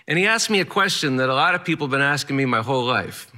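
A man's voice: mid-range voice, expressive, fast talker, hardly any pauses, pushed and bright. A man telling a personal story in the first person, candid, plainspoken and wry.

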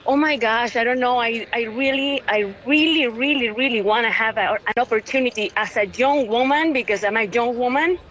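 A woman's voice: fairly high pitch, fairly bright tone, dull audio. A woman, calling into an interview, tearful and overwhelmed, stumbling over repeated words. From Venezuela. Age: 30s. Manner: halting, many restarts and repeated words. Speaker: caller, local witness. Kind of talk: emotional phone interview.

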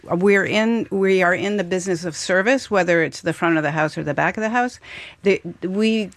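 A woman's voice: on the low side, normal speed, no room sound. A woman chef speaks earnestly about giving back, stopping now and then to find the right words. Her voice is recorded close and dry, with no room sound around it. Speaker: chef and restaurateur. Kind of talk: casual interview talk.

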